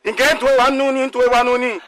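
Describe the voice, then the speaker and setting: Ghanaian order-barker, high and fast, crowd behind. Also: male voice, steady tone. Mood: commanding. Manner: barking orders. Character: bossy man barking commands.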